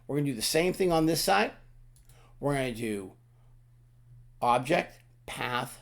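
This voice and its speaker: Male tutorial instructor, relaxed and chatty, lively pitch, walks through every step aloud. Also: unhurried, gravelly. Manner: relaxed, talks through each click, frequent restarts and asides. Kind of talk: screen-recorded software walkthrough.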